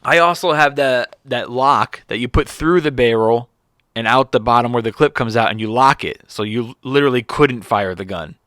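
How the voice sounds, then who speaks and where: A man's voice: medium pitch, moderate pace, a bit bright, dry recording, clean studio sound. A man, a comedian and podcast host, chatting casually and teasing his guest, laughing often. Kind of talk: casual chat.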